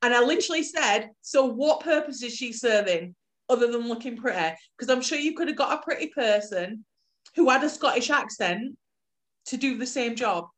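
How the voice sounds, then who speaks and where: A woman's voice: on the high side, lively intonation, moderate pace, a bit bright. A woman co-hosting a podcast, chatting bluntly about a film and swearing casually. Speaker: podcast co-host.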